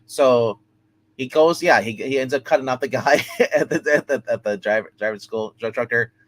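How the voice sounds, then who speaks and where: A man co-hosting a TV recap show, telling the plot in a rambling, halting way with many fillers and restarts. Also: mid-range voice. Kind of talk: casual TV episode recap.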